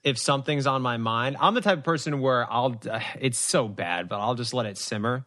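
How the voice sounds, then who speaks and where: A man's voice: medium pitch, fairly quick, bright, forceful tone. A man co-hosting a podcast over a video call, telling stories with animation and acting out his own lines. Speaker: podcast co-host.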